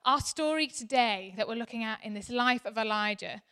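A woman, preaching a sermon in a chatty, animated way that turns soft and earnest. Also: fairly high pitch, moderate pace, smooth.

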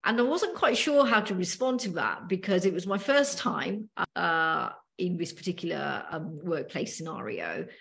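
A middle-aged woman with a British accent, co-hosting a podcast and telling a story slowly with many pauses and fillers. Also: lowish voice, expressive, vocal fry, fairly bright tone. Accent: British English. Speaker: podcast co-host. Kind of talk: casual podcast discussion.

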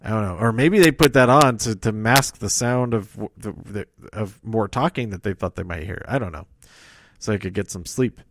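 A man's voice: lowish voice, moderate pace, a bit bright, a little hiss or hum. A man casually recapping a wrestling show, rambling and correcting himself as he goes. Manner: rambling, self-correcting, chuckles at own slips.

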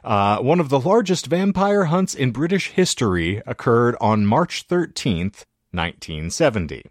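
A man's voice: medium pitch, sing-song, measured pace, dry recording, clean studio sound. A man hosting a podcast, reading a researched story with wry jokes in a casual chat. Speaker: podcast host.

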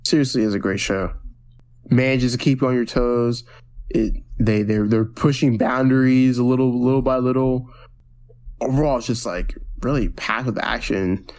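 A man in the middle of a casual podcast chat, talking through a TV episode at a mid pitch. He rambles, restarts his sentences, and drops into quick quoted lines from the show. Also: darkish tone. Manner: rambling recaps with many restarts and acted-out quotes. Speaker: podcast co-host.

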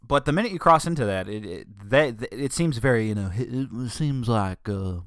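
A man's voice: medium pitch, a little fast, few pauses, clear, resonant tone, no echo, studio quality. A young man from northern Delaware hosting his own podcast, rambling in a casual chat with self-corrections and joking asides. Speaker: podcast host. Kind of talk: casual solo podcast monologue.

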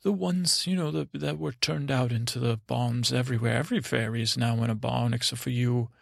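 A man's voice: medium pitch, fairly even intonation, brisk, gravelly, dry recording, clean studio sound. A man voicing a timid young shepherd boy who stammers and hurries his words. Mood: nervous.

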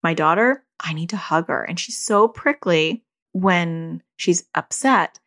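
A woman's voice: fairly low pitch, lively intonation, measured pace, a bit bright. A middle-aged woman, a parenting coach, giving casual advice in a chatty way full of "like" and "you know".

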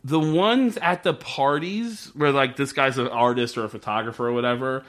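A man chatting casually as a podcast co-host, rambling from thought to thought. He swears freely and fills his sentences with "like", at an ordinary middle pitch. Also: moderate pace, fairly bright tone. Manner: rambling, profane, heavy use of "like". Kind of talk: casual chat reviewing a TV show.

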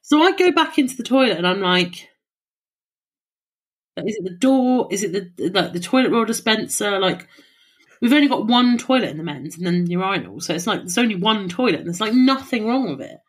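Animated woman telling stories. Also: medium pitch, a little fast. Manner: animated storytelling, swears freely. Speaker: podcast co-host. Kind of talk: casual chat.

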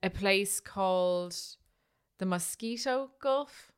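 A woman's voice: mid-range voice, slow pace, clear, resonant tone. A woman co-hosting a podcast, telling a history story in a chatty way, often restarting and tagging lines with "right?". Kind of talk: casual storytelling chat.

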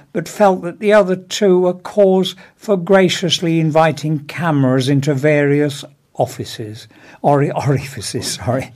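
A man with a fairly high voice reads a humorous first-person piece aloud. His delivery is wry and dry, with the jokes landing on careful timing. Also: a little mellow. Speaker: contributor reading his own column.

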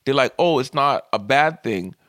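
Man, casual comedic storyteller, mid-pitch, dry close sound; animated and profane. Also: normal speed, no echo. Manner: animated, swearing, rises in pitch when quoting. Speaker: comedian and podcast host.

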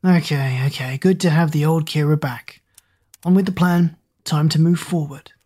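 A woman voicing a teenage boy who will become a king, speaking in a hushed, soothing, commanding way in a storybook reading. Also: sits low, normal speed, husky. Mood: brisk.

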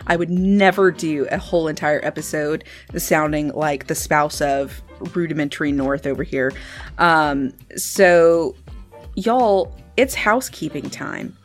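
A woman's voice: low-pitched, measured pace, soft background music. A woman hosting a tabletop role-play podcast as game master, playful and upbeat.

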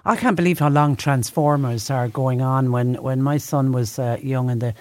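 A woman's voice: extremely low pitch, steady tone, normal speed, heavy background noise. A middle-aged woman hosting a radio show, easygoing and chatty, with short agreeing replies. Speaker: radio host. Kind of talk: casual radio chat. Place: radio studio.

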